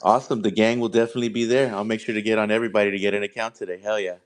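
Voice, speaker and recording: A man's voice: on the low side, steady tone, no room sound. A man co-hosting a casual stream over wireless earbuds, laid-back and cheerfully profane. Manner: laid-back, swears cheerfully, quick bursts. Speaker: co-host. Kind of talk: casual live-stream chat. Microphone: wireless earbuds on a call. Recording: glitchy earbud call audio.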